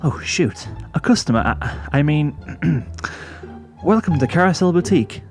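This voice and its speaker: A man's voice: fairly high pitch, lively intonation, a little slow, faint music behind, pitched above the performer's own voice. A man reading a fan story, voicing a young unicorn filly who is dry and put-upon. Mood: sarcastic. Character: sarcastic young unicorn filly, shopkeeper sister.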